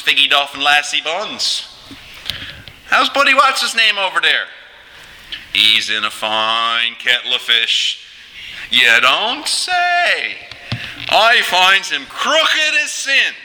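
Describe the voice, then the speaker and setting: A man's voice: a little high, lively intonation, slow, pauses often, pushed and bright, in a large hall, a little hiss or hum, voice pushed up, heavily acted, rough recording. A man putting on the voices of two chatty Newfoundland locals, with broad dialect and a lilting, exaggerated delivery. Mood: folksy.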